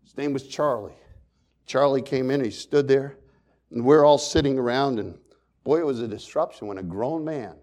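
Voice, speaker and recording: A man pastor preaching a sermon, swinging between loud emphasis and quiet, hushed storytelling. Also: medium pitch, moderate pace.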